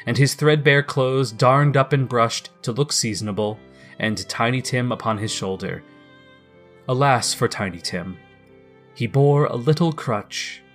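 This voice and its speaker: A man reading a classic story aloud in a measured, expressive way. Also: mid-range voice. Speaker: narrator. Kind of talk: storybook narration.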